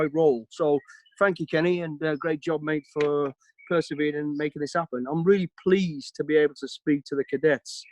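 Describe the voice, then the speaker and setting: Energetic Brummie man on a video call. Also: a little high, dry recording. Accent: Birmingham. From Birmingham, England. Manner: energetic, quick, plain-spoken. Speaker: guest speaker. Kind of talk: informal talk on a video call.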